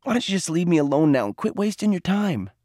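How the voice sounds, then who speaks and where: A man's voice: a little high, animated, normal speed, a little mellow, no room sound, close to an everyday voice. A man voicing a troubled teenage boy whose voice trembles with emotion, heard as a dry audiobook reading. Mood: pleading.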